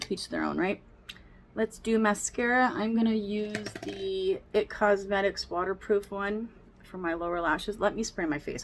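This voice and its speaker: In a mid-range voice marked by vocal fry, a beauty vlogger chats casually at home while putting on makeup. Her get-ready-with-me talk rambles and is punctuated by frequent laughs, with slight background noise present.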